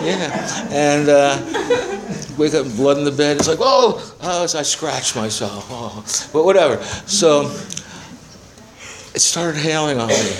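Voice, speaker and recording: Man, 70s, recovery meeting speaker, rambling profane self-mocking testimony, slightly high voice. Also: noisy background. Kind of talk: personal testimony to a group. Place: meeting room with a small audience.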